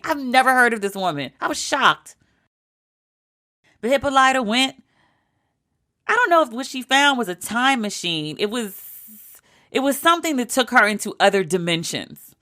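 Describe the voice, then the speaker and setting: Woman host going off about a tv show, kinda high voice, swears a lot, super animated. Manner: animated, profane, emphatic storytelling with quoted asides. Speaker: podcast host. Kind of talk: casual pop-culture commentary.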